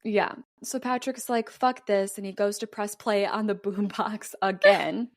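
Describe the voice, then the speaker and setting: A woman's voice: measured pace, dry recording, studio quality. Chatty young woman retelling a film. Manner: animated, acts out characters' lines with shifts in pitch, frequent "like". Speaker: podcast co-host retelling a film. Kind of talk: casual storytelling chat.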